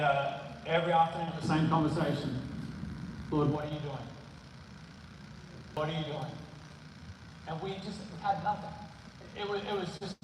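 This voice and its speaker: Animated Australian preacher in an echoey hall. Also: male voice, on the high side. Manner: animated, acts out quoted voices. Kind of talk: sermon storytelling. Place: large church hall. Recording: echoey church hall, distant mic, background noise.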